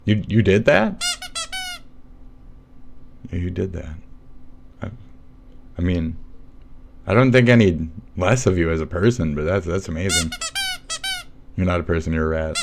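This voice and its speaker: A man's voice: low voice, unhurried, vocal fry, long pauses. A man livestreaming, rambling sardonically and mumbling replies to his chat. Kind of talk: rambling live stream chat. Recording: noisy background.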